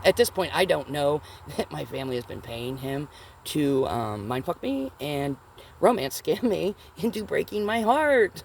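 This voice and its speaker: A woman's voice: deep voice, animated, measured pace, vocal fry, a little mellow, slight background noise. A woman vlogger telling a rambling personal story in casual, profane speech, often checking in with her listeners.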